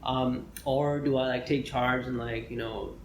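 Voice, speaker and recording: A man's voice: mid-range voice, fairly even intonation, unhurried. Rambling young man in an echoey room. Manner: chatty, rambling, frequent throat clearing and fillers. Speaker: medical student podcast co-host. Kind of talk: casual chat. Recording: echoey room with faint noise.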